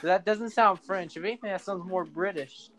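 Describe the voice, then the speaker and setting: Guy with a pretty high voice, casual chat, kinda stumbly. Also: normal speed, a bit bright. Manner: chatty, hesitant, laughs often. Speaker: co-host.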